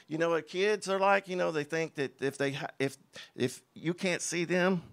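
A man preaching, his voice somewhat high and gravelly. He talks in an emphatic, conversational way and drops in scoffing asides. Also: moderate pace, fairly bright tone. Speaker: pastor. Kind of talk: sermon.

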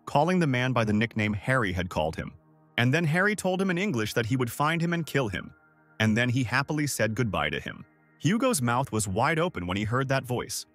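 A man's voice: mid-range voice, a bit bright, no echo. A man narrating a comic recap in a scripted storytelling style.

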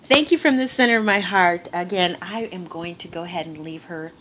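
This crafting vlogger talks at a moderate pace in a fairly low voice while casually unboxing gifts. She's gushing and excitable, often gasping and laughing, and the bedroom phone recording is noisy.

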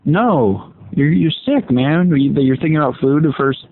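A man's voice: a little high, animated, measured pace. Exasperated man, tinny phone sound. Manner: exasperated complaining. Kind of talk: improvised comedy phone skit.

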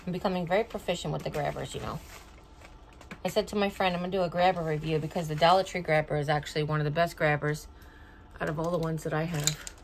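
A woman's voice: deep voice, steady tone, fast talker, vocal fry, slight background noise, rough recording. A middle-aged woman chatting casually at home as she opens and reads fan mail, sentimental and talkative. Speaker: vlogger opening fan mail. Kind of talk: casual unboxing chat. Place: home, indoors.

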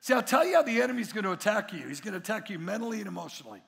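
A middle-aged man preaching a sermon as pastor, an animated storyteller who acts out the voices in his stories. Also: sits high, racing, creaky, in a large hall. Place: large church hall.

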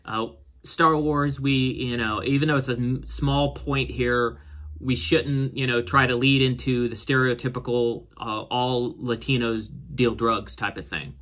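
Man, show reviewer, casual rambling recap, filler-heavy, bright tone. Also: steady tone, a little slow. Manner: rambling, many fillers and restarts; voices characters' lines with raised pitch. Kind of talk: casual episode recap and commentary.

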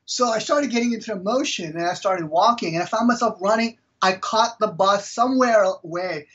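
A middle-aged man from India, a guest author telling stories in an interview with lively energy. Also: high voice, normal speed, recorded from a distance, dull audio, a little hiss or hum. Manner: energetic, animated storyteller. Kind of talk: storytelling in an interview.

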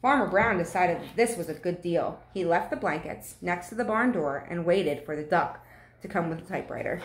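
A woman teacher reading a picture book aloud to children, with expressive, animated storytelling. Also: lowish voice, normal speed, a little hiss or hum. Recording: echoey room.

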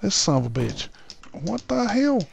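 A man's voice: high-pitched, sing-song, a little slow, vocal fry, a little hiss or hum. A man roleplaying in a video game, whining and indignant, repeating his complaints over and over. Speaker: roleplay streamer. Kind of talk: casual game roleplay banter.

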